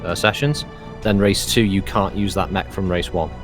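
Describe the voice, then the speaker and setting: A man's voice: deep voice, fairly even intonation, normal speed, over music. A man organizing game races, explaining plans in casual voice chat with many fillers. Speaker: race organizer.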